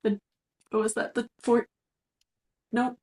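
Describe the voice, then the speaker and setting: A woman's voice: a little high, little pitch movement, slow pace, darkish tone. A young woman, co-hosting a podcast and telling a long story in a chatty way, full of fillers and laughs. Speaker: podcast co-host. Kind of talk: casual chat.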